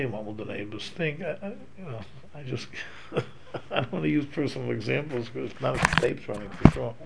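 A man's voice: mid-range voice, gravelly, a little hiss or hum, low-quality recording. A man giving an informal religious lesson, talking it through conversationally and acting out quoted speech as he explains. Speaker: Torah class teacher.

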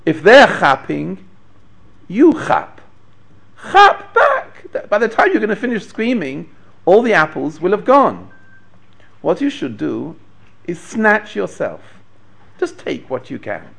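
A man's voice: high-pitched, huge pitch swings, slow pace, creaky, pauses often, a bit bright, husky, voice pushed up, exaggerated voice. A man acting out a wise old man in a story, insistent and urgent. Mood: urging. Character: wise old man in a market giving advice.

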